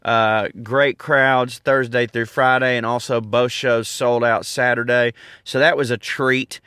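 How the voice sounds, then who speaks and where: A man's voice: mid-range voice, level tone, unhurried, bright, forceful tone, clear, resonant tone, no room sound, clean studio sound. A man in his thirties with a Southern accent, joking and rambling through a casual outdoor monologue as a podcast host. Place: outdoors in a park.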